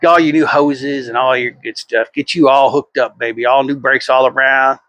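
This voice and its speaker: A man's voice: medium pitch, fairly even intonation, normal speed, a bit bright, no room sound. A middle-aged man rambling through a casual vlog monologue, swearing freely and chuckling often. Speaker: vlogger.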